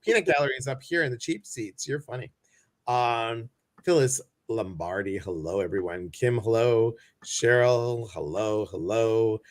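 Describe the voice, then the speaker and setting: A man's voice: medium pitch, a little slow. A man hosting a casual livestream chat, bubbly and sassy, greeting viewers by name. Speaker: livestream host.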